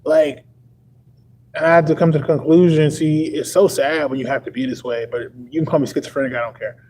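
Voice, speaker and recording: A man's voice: a little high, fairly even intonation, a little fast, darkish tone, a little hiss or hum, low-quality recording. A young man from Texas chatting on a livestream. He rambles and stacks up "like" fillers. He chuckles often as he talks. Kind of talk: casual livestream chat.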